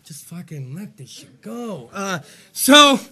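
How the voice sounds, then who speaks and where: A man with a very high, bright, forceful voice hosts a casual podcast, cursing freely and rambling as he tells stories. He sounds a little short of breath. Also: big pitch swings, takes it slowly. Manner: profane, rambling storytelling with laughs. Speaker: podcast host. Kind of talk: casual chat.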